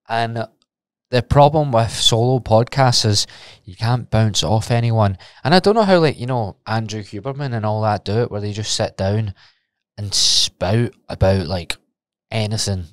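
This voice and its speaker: A man's voice: on the low side, no room sound, studio quality. A Scottish man hosting a solo podcast, talking casually and rambling off on tangents, with the odd swear. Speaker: podcast host and personal trainer.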